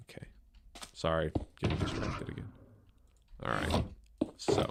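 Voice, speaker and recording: This gaming streamer has a low, gravelly voice and is very animated, though he speaks at a measured pace with long pauses. He rambles and thinks aloud through live gameplay, full of fillers and self-deprecating asides to his viewers. The recording is very noisy, with faint game music behind him.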